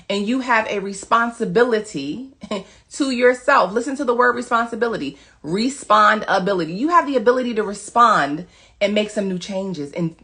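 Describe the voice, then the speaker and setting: Speaking to her followers in a motivational social media monologue, a woman wellness coach sounds emphatic and preachy, repeating short commands. Her voice is lowish with a fairly bright tone.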